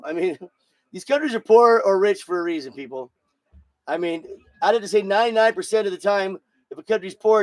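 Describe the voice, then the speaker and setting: A man's voice: high voice, no room sound. A man hosting his own show, delivering a blunt, profane solo political rant and repeating words as he gets heated. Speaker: show host.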